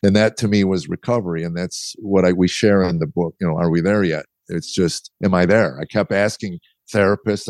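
A man's voice: low-pitched, a little mellow, no room sound. A middle-aged man, a guest author, telling his story candidly in conversation and acting out the dialogue he quotes. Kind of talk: interview storytelling.

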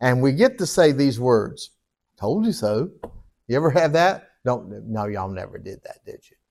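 A man preaching a sermon as pastor, folksy and animated, often chuckling and asking the congregation for an amen. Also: mid-range voice, normal speed, vocal fry.

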